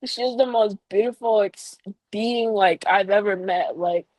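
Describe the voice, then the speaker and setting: A woman's voice: mid-range voice, measured pace, a little mellow, dry recording, rough recording. A young woman, a baker and business owner, telling a heartfelt personal story on a podcast, full of "like" fillers. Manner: emotional, heartfelt, lots of "like" fillers.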